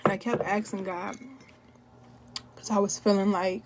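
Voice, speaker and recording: A woman's voice: medium pitch, level tone, normal speed, a little hiss or hum. A young adult woman recording a candid personal testimony at home, telling her story with repetition and talk of prayer. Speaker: wellness product seller.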